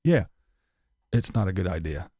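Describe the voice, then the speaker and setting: A man's voice: low-pitched, very animated, moderate pace, dark tone, husky, no room sound, clean studio sound. A man hosting a casual commentary vlog, blunt and mocking, cursing freely. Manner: mocking, blunt, swears a lot. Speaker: commentary channel host.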